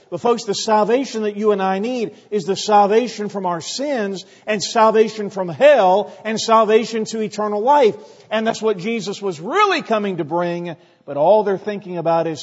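High-voiced preacher echoing through a hall. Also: male voice, moderate pace. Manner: emphatic, acts out crowd voices. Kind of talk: sermon. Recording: reverberant hall, dull lo-fi sound.

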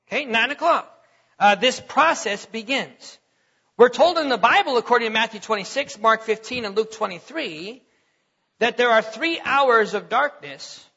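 A man teaches a sermon, his voice high and bright with a husky grain. He talks conversationally and keeps checking that his listeners follow along. The recording is dull and lo-fi. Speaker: preacher.

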